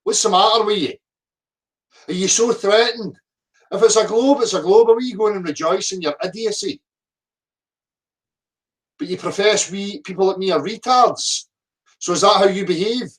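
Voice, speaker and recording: A man's voice: sits high, moderate pace, long pauses. A middle-aged man, ranting profanely at viewer comments, abrasive and mocking. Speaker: flat earth video commentator. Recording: voice a bit distant from the mic.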